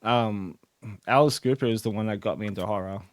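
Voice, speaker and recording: A man's voice: on the low side, brisk, no room sound, clean studio sound. A man hosting a podcast in a laid-back, enthusiastic chat, peppered with man and dude. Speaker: podcast host.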